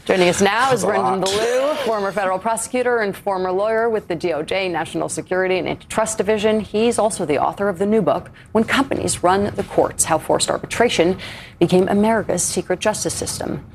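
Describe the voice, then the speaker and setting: A woman anchoring a news program, delivering pointed, crisp commentary and questioning guests. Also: medium pitch, brisk, a little hiss or hum. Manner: crisp, pointed, lightly wry.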